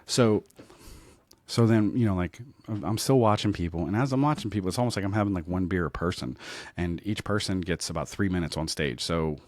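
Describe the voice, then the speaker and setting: A man, a comedian and podcast host, telling a comic story in a casual, animated, self-mocking way, often asking "right?". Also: low-pitched, brisk, dry recording.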